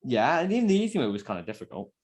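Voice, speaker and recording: A young man hosts a casual podcast, bantering and teasing his co-host. His voice is lively, rising and falling a lot as he talks. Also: mid-range voice, very fast. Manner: joking, teasing, animated. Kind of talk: casual chat.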